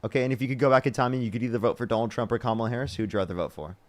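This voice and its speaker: A man hosting a livestream debate show, talking quickly at an ordinary pitch. He thanks donors between callers and presses each caller for a straight answer. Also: fairly even intonation. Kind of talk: casual livestream chat.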